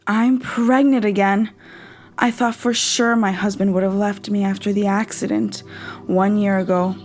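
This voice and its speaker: A woman reading a scripted horror story in a calm, measured storytelling manner. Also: mid-range voice. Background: loud music.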